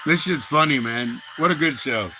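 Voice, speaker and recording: A man's voice: mid-range voice, moderate pace, music in the background. A man hosting a livestream, chatting casually in a rambling, profane, laid-back way. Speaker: livestream host.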